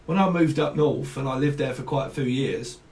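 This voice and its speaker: A man's voice: mid-range voice, brisk, a little mellow, distant mic. A man in his forties from southern England with a Cockney accent, rambling and swearing with lots of laughter as he gives a tarot reading. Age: 40s. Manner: rambling, crude, laughing, slips into mimicked voices. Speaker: tarot reader. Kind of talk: casual tarot reading monologue. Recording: echoey room, voice away from mic.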